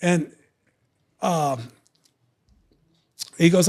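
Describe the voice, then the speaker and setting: An older man telling a long, rambling story as a podcast guest, jumping into the voices of the people in it and trailing off quietly at the ends of asides. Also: fairly high pitch, steady tone, unhurried. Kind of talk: casual storytelling.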